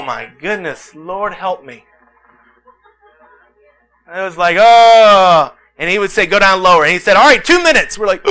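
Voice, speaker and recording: A man preaching a sermon as a pastor, telling animated personal stories and acting out the people in them. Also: high-pitched, rough recording. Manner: animated storytelling, acts out quotes.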